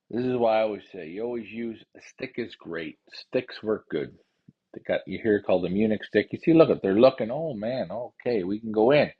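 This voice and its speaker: With a lo-fi sound and a voice on the low side, a man hosts a pigeon racing show in casual livestream talk. He first rants hotly with heavy cursing and repetition, then calmly describes how he handles his birds.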